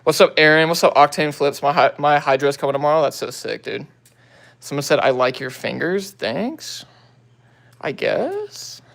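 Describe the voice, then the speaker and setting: Chatting casually on a phone livestream, this young male host greets viewers quickly, reads their comments, and tosses out slang. His voice is a touch high for a man, with a gravelly, fry-tinged edge, fairly bright tone, and mostly even intonation.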